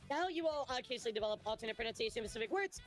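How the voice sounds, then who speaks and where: A woman's voice: on the high side, animated, rapid-fire, faint music behind. A woman who is a native Russian speaker, a VTuber chatting on a livestream and answering her viewers' messages as she goes. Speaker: VTuber streamer.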